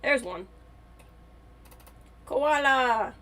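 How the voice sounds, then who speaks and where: A woman's voice: sits high, animated, drawn-out words, fairly bright tone, a little hiss or hum. A woman streamer chatting casually and thinking aloud as she plays a game on a live stream.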